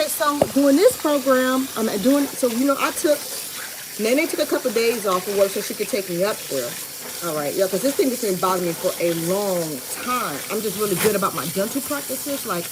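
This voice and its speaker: Over a noisy background, a Florida woman with a medium-pitched voice rambles through a casual storytime for her viewers. This vlogger is tired but lively, often restarting her sentences and addressing everyone as y'all.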